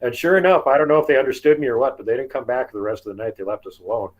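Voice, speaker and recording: A man telling outdoor encounter stories in a casual interview, chatty and quick to laugh. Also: medium pitch, dull audio. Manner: chatty, laughs often, acts out quotes. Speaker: guest telling field encounters.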